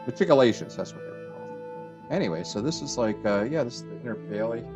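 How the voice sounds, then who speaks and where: A man giving a rambling, chatty let's-play commentary on a game, trailing off and restarting, with sudden excited jumps in pitch. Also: quick pace, muffled recording, over music. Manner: excited bursts of high pitch at discoveries. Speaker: gaming channel host.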